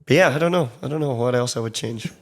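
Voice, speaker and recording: This is a young Scottish man with a medium-pitched voice, speaking fast. A country songwriter, he's a podcast guest in the studio, chatting loosely with plenty of fillers in his Scottish accent.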